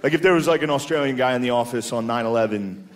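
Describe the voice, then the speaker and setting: A man's voice: medium pitch, quick pace. A man in his thirties doing a stand-up comedy set, telling loose, profane, self-mocking stories on a comedy club stage. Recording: live club set with crowd noise. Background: audience laughter.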